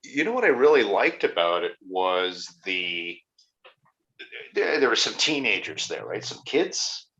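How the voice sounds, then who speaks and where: A man's voice: lowish voice, very animated, a little slow, bright, forceful tone, lo-fi sound. A man from Ontario, Canada, co-hosting a live-streamed talk show and talking in a rambling, enthusiastic way. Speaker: podcast co-host. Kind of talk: casual live-stream chat.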